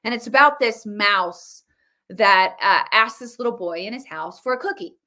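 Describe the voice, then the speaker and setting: A woman's voice: medium pitch, normal speed, bright, forceful tone. A woman in her thirties hosting casual solo political commentary, emphatic and conversational with frequent restarts and fillers.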